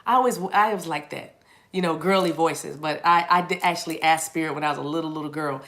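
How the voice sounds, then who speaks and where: Speaking fast in a deep, fairly bright voice, a woman gives a tarot reading to camera that is casual and rambling. She is chatty and playful, often restarts her sentences, and slips into silly voices and laughter.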